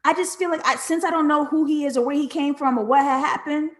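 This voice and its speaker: A woman hosting a live show, thinking out loud about a series and reading out chat comments. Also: sits high, quick pace. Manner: thinking out loud, animated, talks back to chat. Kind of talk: casual live-stream commentary.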